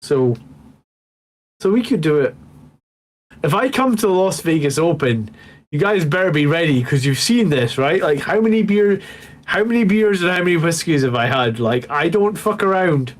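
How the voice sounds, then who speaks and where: A man in his thirties chats loosely on a late-night hobby livestream, his voice sitting a little higher than most men's. He rambles, swears freely and thanks his viewers while working through a beer and a whiskey. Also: expressive, normal speed.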